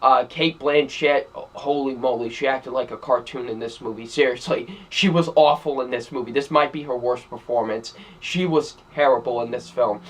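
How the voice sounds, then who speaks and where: A man's voice: medium pitch, moderate pace, few pauses, a bit bright. A young man giving a casual spoken film review, rambling with many fillers and repeated phrases. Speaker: movie reviewer.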